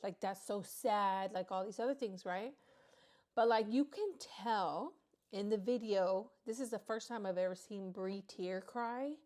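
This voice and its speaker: A woman's voice: medium pitch, unhurried, a little mellow. A woman hosting a gossip commentary channel, talking candidly and explaining her own take on events. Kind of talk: casual commentary.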